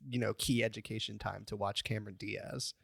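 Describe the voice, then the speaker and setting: A man's voice: on the low side, little pitch movement, fairly quick, gravelly, a bit bright, husky, no room sound, studio quality. A man co-hosting a podcast, chatting in a laid-back way and often trailing off mid-thought. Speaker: podcast co-host. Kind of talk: casual chat.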